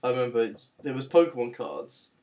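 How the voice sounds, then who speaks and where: A man's voice: medium pitch, brisk, muffled recording, slight background noise. A young man hosting a casual podcast chat, telling stories with lots of energy. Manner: animated storyteller, jumps into quoted voices. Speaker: podcast host.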